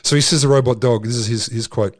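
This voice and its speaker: A man's voice: mid-range voice, fast, no room sound, studio quality. Sardonic Australian man telling a story. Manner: animated, sardonic storytelling with swearing. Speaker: podcast co-host. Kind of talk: casual comedic science chat.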